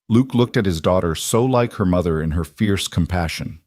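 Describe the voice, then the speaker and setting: Man narrating a story, low voice, even and measured, dry sound. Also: no room sound.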